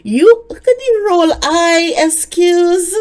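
A young woman giving casual, excitable let's-play commentary, scolding the characters on screen and often laughing. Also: very high-pitched, takes it slowly. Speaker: gaming content creator.

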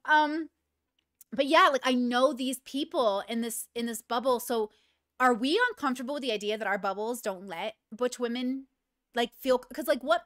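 A woman hosting casual reaction commentary, thinking aloud in an animated, swearing way. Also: a little high, dry recording, studio quality. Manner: animated, swearing, thinking aloud, pausing to clear her throat. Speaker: commentary host reacting to a video.

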